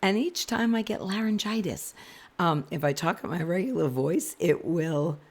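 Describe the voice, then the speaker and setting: A woman hosting a political talk show, whispering because of laryngitis, and talking in an animated, exclamatory way. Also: fairly low pitch, normal speed. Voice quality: hushed, breathy. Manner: whispering to spare her voice. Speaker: political podcast host. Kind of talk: casual political commentary.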